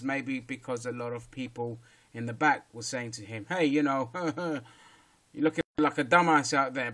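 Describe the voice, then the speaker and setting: A man's voice: fairly high pitch, fairly bright tone. A man delivering a heated, profane political opinion rant as a commentator.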